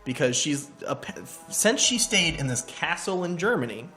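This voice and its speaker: A man, a podcast guest, telling a story in casual chat, animated, laughing and acting out quotes. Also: a little high, normal speed, faint music behind.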